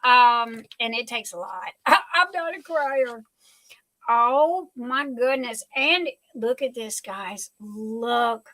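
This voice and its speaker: A woman's voice: fairly high pitch, takes it slowly, bright, forceful tone, no echo, rough recording. A middle-aged woman hosting her livestream at home, gushing and talking through tears. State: tearful. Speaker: livestream host. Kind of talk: casual live chat.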